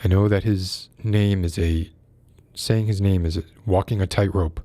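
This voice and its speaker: A man's voice: low voice, steady tone, normal speed, dark tone, dry recording. A man hosting a casual livestream, reading philosophy aloud and breaking off to ramble and greet viewers in the chat.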